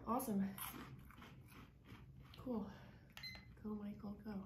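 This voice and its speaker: A woman's voice: medium pitch, fairly even intonation, slow. A woman in her thirties chatting casually as co-host during a spicy food challenge. She rambles with many fillers and talks through a burning, drooling mouth. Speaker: channel co-host. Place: home room. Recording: echoey room, faint hiss.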